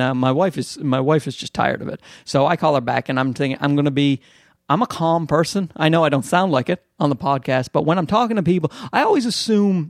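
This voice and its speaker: Profane, animated man ranting on a podcast. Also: no echo, clean studio sound. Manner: profane, animated, swings into high-pitched quoted voices. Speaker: podcast host. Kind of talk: casual ranting story.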